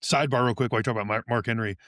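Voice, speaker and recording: A man's voice: mid-range voice, steady tone, a bit bright, no echo, studio quality. A man hosting a podcast, reading out listener questions in casual chat. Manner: quick, reads out listener questions. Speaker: podcast host.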